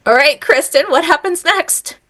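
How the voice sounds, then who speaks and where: Brief: upbeat host, high and unhurried, in a dry room. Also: female voice, fairly bright tone, no room sound. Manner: upbeat, laughs often. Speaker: host and moderator. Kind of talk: live improv storytelling hosting. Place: small room before a live audience.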